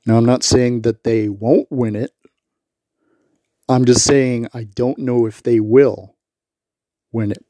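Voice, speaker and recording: Slow, mellow-voiced man repeating points. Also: mid-range voice, steady tone, no echo, studio quality. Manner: repetitive, emphatic, many "you know" fillers. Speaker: podcast host. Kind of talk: solo sports commentary podcast.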